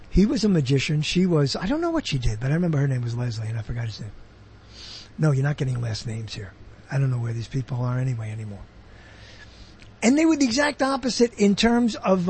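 With a fairly high pitch, a darkish tone and a breathy edge, a male show host chats his way through a rambling monologue. He keeps cutting himself off to digress into side remarks.

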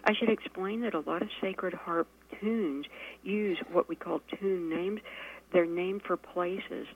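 A woman's voice: on the low side, a little slow, slight background noise. A woman, a radio guest explaining things hesitantly with many fillers. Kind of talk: phone-in radio interview. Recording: tinny phone line.

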